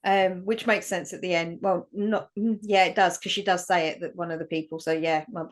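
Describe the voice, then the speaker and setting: A woman's voice: on the low side, steady tone, fairly quick. Chatty woman podcaster. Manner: chatty, easygoing, full of fillers. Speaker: podcast co-host. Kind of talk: casual chat.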